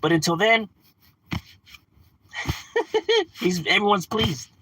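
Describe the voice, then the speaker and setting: A man's voice: high voice, wildly swooping pitch, slow pace, fairly bright tone, husky, no echo. A man ranting casually on a livestream, swearing, slangy and laughing often. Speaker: livestream host.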